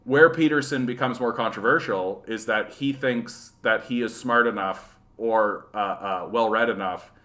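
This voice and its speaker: A man from rural Manitoba hosting a casual livestream chat. His voice is bright and forward, and he rambles in loose, sarcastic asides, often ending his points with "right?". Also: lowish voice, a little slow, few pauses. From rural Manitoba, Canada. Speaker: livestream host. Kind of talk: casual livestream chat reading viewer comments.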